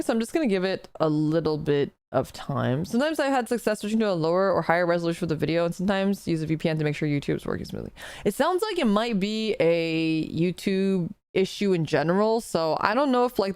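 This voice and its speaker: A woman's voice: on the low side, big pitch swings, a little fast, a little mellow, clear, resonant tone, no room sound. A woman streaming a reaction video, chatting casually with viewers, apologetic and joking. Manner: chatty, apologetic, jokey asides.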